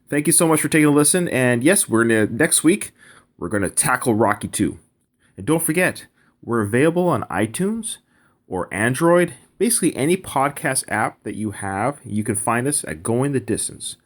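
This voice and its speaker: A man hosting a podcast, talking in a chatty, upbeat way with apologies mixed in. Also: lowish voice. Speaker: podcast host. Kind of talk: podcast intro and outro.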